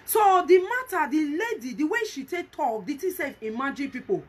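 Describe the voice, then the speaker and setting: Woman, Nigerian Pidgin accent, high voice, emphatic vlog commentary, repeats herself. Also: sing-song, moderate pace. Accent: Nigerian Pidgin English. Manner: emphatic, repetitive, pleads with viewers. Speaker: vlogger.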